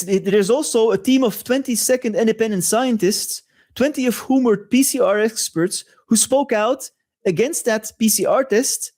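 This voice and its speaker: A man's voice: high-pitched, darkish tone. A man hosting a monologue-style commentary show, talking in a conspiratorial way with rhetorical asides. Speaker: host.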